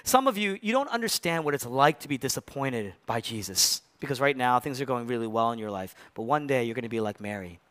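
A man preaching a sermon. He acts out voices from the story and drops from loud emphasis to hushed near-whispers. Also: mid-range voice, expressive, brisk, hardly any pauses, clean tone. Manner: acts out quoted voices of Mary and Jesus. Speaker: pastor.

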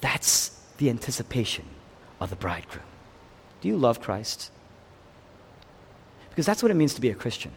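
A man preaching a sermon with passion, rising to loud peaks and dropping to hushed lows. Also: huge pitch swings, normal speed, vocal fry, pauses often, a little hiss or hum. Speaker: pastor. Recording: long hall reverb.

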